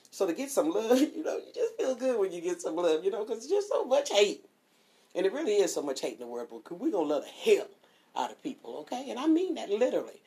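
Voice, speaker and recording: A woman hosting a streaming devotional show, chatting casually and giving shout-outs before a Bible reading. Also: medium pitch. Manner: animated and chatty, swoops up on exclamations.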